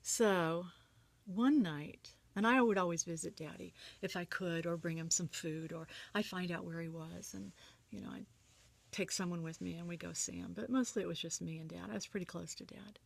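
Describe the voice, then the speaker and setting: A woman gently telling a personal family story, reminiscing in a soft, often breathy voice. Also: fairly low pitch, normal speed.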